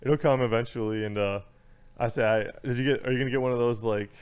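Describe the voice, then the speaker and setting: A young man, a podcast guest, chatting casually in halting phrases that restart often, getting worked up as he vents. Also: medium pitch, steady tone, darkish tone, smooth. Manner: halting, many restarts, gets worked up when venting. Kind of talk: casual chat.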